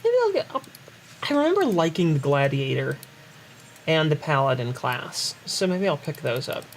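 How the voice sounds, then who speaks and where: A woman's voice: deep voice, sing-song, moderate pace, slight background noise. A woman streaming a game, chatting casually and giggling often. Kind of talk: casual gameplay chat.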